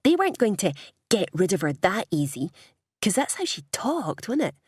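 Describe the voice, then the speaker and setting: A woman's voice: medium pitch, very animated, normal speed, slightly rough, dry recording, clean studio sound. A woman voicing a blunt, defiant teenage girl.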